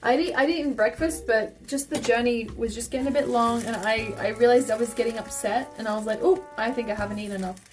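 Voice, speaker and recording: A woman streamer chatting casually while she cooks, animated and swearing often. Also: fairly high pitch, fairly quick, few pauses, over music. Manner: animated, swearing, exclaiming in pain. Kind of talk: casual cooking stream chat.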